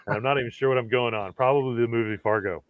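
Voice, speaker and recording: A man's voice: medium pitch, rapid-fire, dry recording. A man hosting a casual talk show, rambling along with lots of fillers and restarts. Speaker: host of a hemp talk show. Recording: tinny phone-like dry sound.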